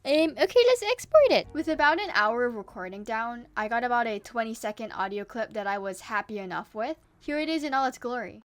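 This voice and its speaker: A woman's voice: fairly high pitch, sing-song, fairly quick, hardly any pauses, a little hiss or hum. A woman narrating her animation vlog in a chatty, self-deprecating way. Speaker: animation YouTuber.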